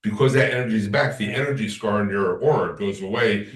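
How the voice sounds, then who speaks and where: A man's voice: lowish voice, quick pace. A man giving a casual lecture to a class, telling stories and acting out what people said. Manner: rambling storyteller, acts out quoted talk. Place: class room. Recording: echoey room from far off.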